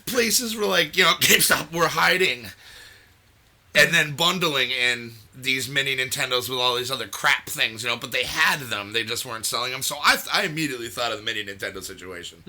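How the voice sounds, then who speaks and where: A man hosting a casual podcast, telling a story in an animated way with frequent laughs. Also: mid-range voice, brisk. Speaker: podcast host.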